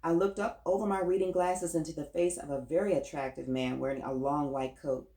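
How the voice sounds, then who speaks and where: A woman narrating a first-person audiobook story with an even, storytelling delivery. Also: sits low, brisk. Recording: roomy echo.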